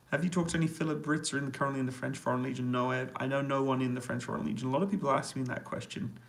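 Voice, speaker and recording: A man's voice: mid-range voice, steady tone, quick pace, creaky, rough recording. A man casually chatting on a live stream from army accommodation, reading out viewer comments and answering them in an easygoing way with frequent laughs. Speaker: YouTuber answering live chat. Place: army accommodation room, indoors.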